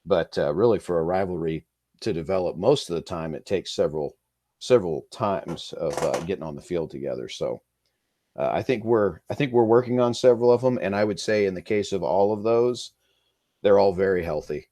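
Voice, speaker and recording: A man who coaches high school football, talking in a rambling, easygoing way with lots of fillers and restarts. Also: a little fast, warm tone, no room sound. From Kansas. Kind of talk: casual podcast interview.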